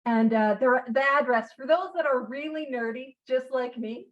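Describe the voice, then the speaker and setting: Woman, high voice, earnest chatty teaching, repeats phrases, distant muffled mic. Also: moderate pace. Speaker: study leader. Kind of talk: casual teaching talk.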